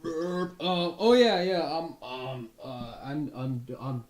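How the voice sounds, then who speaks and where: A man voicing a spacey, dazed male agent with a vague, drawn-out way of talking. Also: a little high, steady tone, darkish tone, echoey room, voice pushed up.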